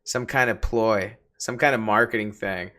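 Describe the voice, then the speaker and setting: A man's voice: lowish voice, moderate pace, bright, forceful tone. A man co-hosting a casual podcast, joking around, laughing often and trailing off mid-thought. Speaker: podcast co-host. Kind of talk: casual chat.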